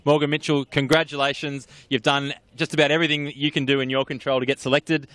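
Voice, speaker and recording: A man's voice: a little high, little pitch movement, a bit bright, no room sound. A man hosting a live athletics broadcast, upbeat, interviewing a guest. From Australia. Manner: upbeat, fast presenter patter. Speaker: sports broadcast host.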